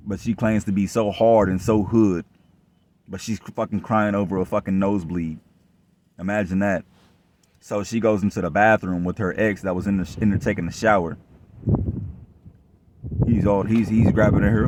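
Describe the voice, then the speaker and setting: A young man speaks in a fairly low voice, venting in a loose, rambling monologue full of profanity. He circles back and repeats himself often. His tone stays aggrieved and distrustful throughout. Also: steady tone, normal speed, long pauses, darkish tone, slight background noise. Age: young adult. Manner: rambling and repetitive, heavy profanity. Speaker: vlogger telling his own story. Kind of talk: casual rant monologue.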